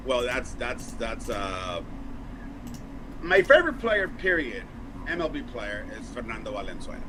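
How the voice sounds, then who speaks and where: A man's voice: mid-range voice, rough recording. A man, chatting as an interview guest and acting out quotes in his stories. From Mexico. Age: 40s. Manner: animated storyteller, quick restarts, acts out quotes. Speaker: guest, baseball broadcaster. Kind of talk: casual interview chat.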